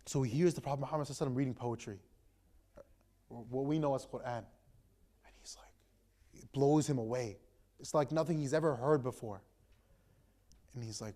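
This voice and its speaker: Fast-talking man telling a story casually. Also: a little high. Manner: relaxed, conversational, many fillers and restarts. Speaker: imam.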